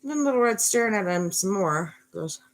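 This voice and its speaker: A woman's voice: mid-range voice, animated, a little fast. A woman in her thirties telling a fairy tale in a wry, rambling way, full of sarcastic asides. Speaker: mother telling a bedtime story. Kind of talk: sarcastic storytelling.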